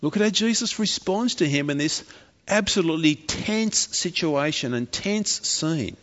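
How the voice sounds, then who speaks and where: A man's voice: on the high side, animated, measured pace, fairly bright tone, slight background noise. A man preaching a sermon in an impassioned, emphatic way, repeating key phrases. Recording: echoey hall, dull lo-fi.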